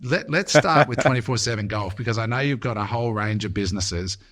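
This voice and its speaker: A man's voice: medium pitch, a little fast, a bit bright. A man with an Australian accent hosting a podcast interview, blunt and joking, swearing casually. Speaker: podcast host.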